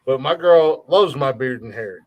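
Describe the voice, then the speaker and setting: A man's voice: mid-range voice, animated, moderate pace, lo-fi sound. A man co-hosting a comedy podcast in casual banter, brash and profane, teasing his friends and rattling off plugs for the show. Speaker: podcast co-host.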